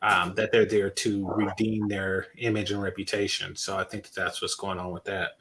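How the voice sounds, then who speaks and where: Bright-voiced man, hesitant guest. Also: deep voice, little pitch movement, normal speed, breathy edge. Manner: hesitant, many fillers, polite. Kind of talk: casual live-stream chat.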